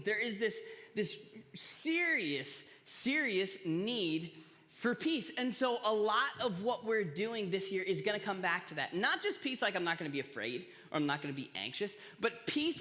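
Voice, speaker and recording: A man preaches in a relaxed, storytelling way, slipping in self-deprecating jokes. His voice sits fairly high and sounds bright and forceful. A long reverb from a large church hall trails each phrase. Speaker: pastor. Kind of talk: casual sermon.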